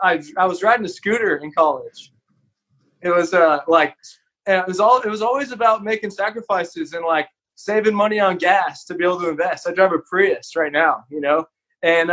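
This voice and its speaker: A man's voice: sits high, a bit bright. A man from Texas, a podcast guest, telling an earnest, candid story in a casual, conversational way.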